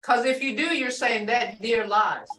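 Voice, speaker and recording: Female language teacher, slow and patient, slightly high voice, distant roomy mic. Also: fairly bright tone, slight background noise. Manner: patient, explains and repeats example words slowly. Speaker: language instructor.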